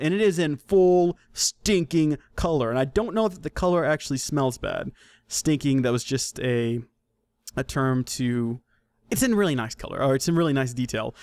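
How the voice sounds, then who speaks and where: A man's voice: a little high, no room sound. Rambling man hosting a dry-sounding podcast. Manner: rambling, self-correcting, joking. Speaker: podcast host. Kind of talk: casual solo podcast commentary.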